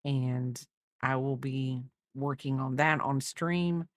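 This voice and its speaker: A woman with a low voice chats casually while crocheting, teasing and fussing over her dog. She rambles and restarts her sentences. The sound is dry and close. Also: fairly even intonation, slow pace, no room sound. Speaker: crochet streamer.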